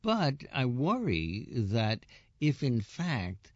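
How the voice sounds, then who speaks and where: A man's voice: medium pitch, huge pitch swings, extremely slow, dry recording, lo-fi sound. A man hosting a radio interview, asking probing and challenging questions.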